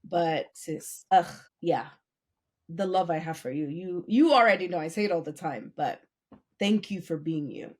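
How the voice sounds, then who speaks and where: A woman co-hosting a podcast, praising a friend with lively, animated emphasis. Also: lowish voice, moderate pace. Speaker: podcast co-host. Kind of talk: heartfelt casual chat.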